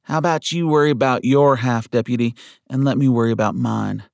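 A man voicing a feisty, sharp-tongued young woman schoolteacher in an audiobook. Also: medium pitch, fairly quick, vocal fry, no room sound, studio quality, pitched above the performer's own voice, close to an everyday voice. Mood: tart. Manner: clipped, scolding.

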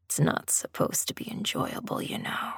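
A woman voicing a stern, teasing male master in a low, rough, commanding whisper, as whispered role-play. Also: normal speed, a bit bright, dry recording, studio quality, natural voice.

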